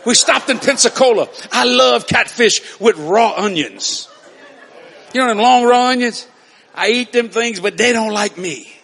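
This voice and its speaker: A man preaching a story-filled sermon, animated and laughing as he acts out voices. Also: extremely high pitch, a little slow, some chatter behind.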